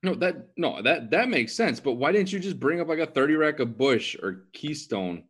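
A young man teasing his friends with quick questions on a casual podcast. He talks in a light, ribbing way. He is on a cheap USB mic. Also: fairly high pitch, animated, a bit bright, husky. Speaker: podcast co-host. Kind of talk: casual chat.

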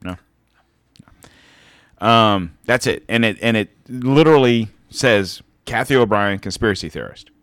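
A man's voice: fairly low pitch, unhurried, fairly bright tone, no echo, studio quality. A man on a podcast chatting casually, joking, swearing and rambling, a few beers in and burping. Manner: rambling, joking, profane, laughs often. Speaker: podcast co-host.

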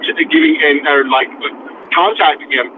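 A young man from near the US-Mexico border, telling a story in a casual chat, animated and profane, acting out other people's voices. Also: fairly high pitch, normal speed. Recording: tinny phone-like sound, faint noise.

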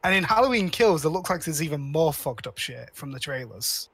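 A man's voice: on the high side, lively intonation, fairly quick, a bit bright, breathy edge, no room sound. A man co-hosting a podcast, rambling casually about films with lots of restarts and cheerful swearing. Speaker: podcast co-host. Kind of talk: casual chat.

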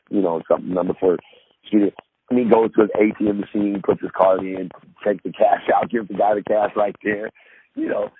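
A man's voice: lowish voice, fast. A man casually telling a long story, rambling with many fillers and restarts and acting out what people said. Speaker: podcast guest, former pro basketball player. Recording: tinny phone-like line with faint noise.

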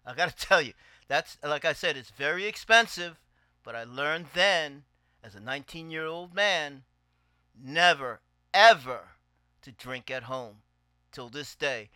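A man hosting a podcast, telling a personal story in an animated, exclaiming way with frequent laughter. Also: on the high side, unhurried, smooth, dry recording. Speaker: podcast host and artist.

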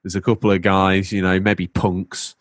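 Low-ish guy rambling playfully on a podcast, dry sound. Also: level tone, moderate pace, no echo. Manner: playful rambling storyteller who slips into silly voices. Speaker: podcast co-host. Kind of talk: casual chat.

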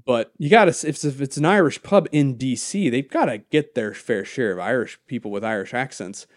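A man co-hosting a casual podcast, rambling through stories with animated bursts and some swearing. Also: medium pitch, brisk, no room sound, clean studio sound. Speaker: podcast co-host.

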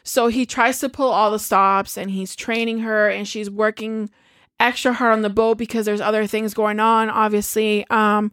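A woman in casual chat, retelling a movie in a lively way, swearing freely and acting out the characters' lines. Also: medium pitch, normal speed. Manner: animated storyteller, swears freely, acts out quotes.

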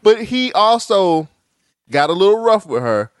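A man hosting a podcast, retelling film scenes in a lively, laughing casual chat. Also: sits high, measured pace. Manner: animated storytelling, laughing. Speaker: podcast host.

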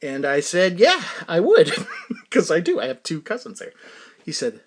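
A man hosting a casual music reaction, excitable and laughing often as he tells stories. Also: a little high, moderate pace, husky.

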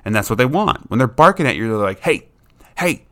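A dog trainer explains dog behavior in casual, plain-spoken instructional talk. His fairly low voice is sing-song and fairly bright, and he speaks fast.

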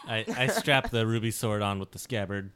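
A man's voice: fairly low pitch, moderate pace, a bit bright, slight background noise. A man playing a tabletop game, joking around with crude language. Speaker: player.

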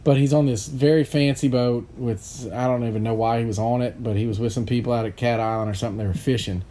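A man's voice: mid-range voice, fairly even intonation, fast, dark tone, a little hiss or hum. A middle-aged man, hosting a podcast and telling rambling stories between bursts of laughter. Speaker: podcast host. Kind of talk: casual chat, storytelling.

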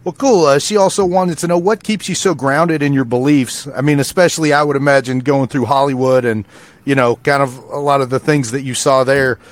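A man's voice: medium pitch, steady tone, fairly quick. A man co-hosting a podcast, asking questions in a rambling, hesitant, friendly way. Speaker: podcast co-host. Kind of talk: casual interview chat.

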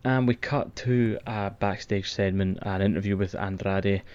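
A man chats on a podcast and gives blunt, sweary opinions in a relaxed way. His voice sits low. The recording sounds dull and lo-fi. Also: moderate pace, clear, resonant tone. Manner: laid-back, blunt, sweary. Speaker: podcast co-host. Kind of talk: casual wrestling podcast chat. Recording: dull lo-fi mic.

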